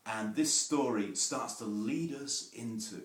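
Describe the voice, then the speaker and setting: A man preaching a sermon, telling homely stories with asides and gentle self-deprecating humour. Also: medium pitch, slow pace, roomy sound.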